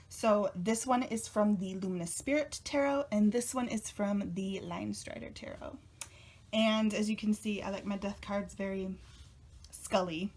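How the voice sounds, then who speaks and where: A young woman chatting casually to camera for her video channel, gushing and emotional, often trailing off with fillers. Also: mid-range voice. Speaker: tarot vlogger.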